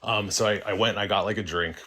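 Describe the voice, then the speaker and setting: A young man casually telling a first-person story as a caller, halting and restarting with many likes and ums. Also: fairly low pitch, steady tone, bright, forceful tone.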